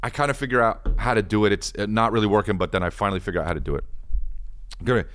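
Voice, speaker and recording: A man's voice: on the low side, rapid-fire, fairly bright tone, smooth. A man, a comedian and podcast host, telling a rambling, self-mocking story in casual chat.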